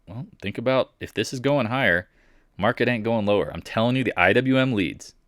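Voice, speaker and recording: A man talking through market charts in a blunt, mocking way, full of rhetorical questions. His voice sits at a middle pitch, and it is recorded close and dry with no room sound. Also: animated, fairly quick, fairly bright tone, no echo. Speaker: market commentator. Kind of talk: casual chart commentary.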